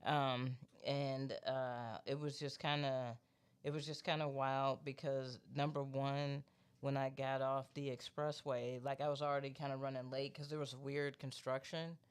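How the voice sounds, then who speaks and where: A man co-hosting a podcast, telling a story in a loose, profane, animated way and quoting the people in it. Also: medium pitch, a little slow, clear, resonant tone. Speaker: podcast co-host. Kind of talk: casual chat, storytelling.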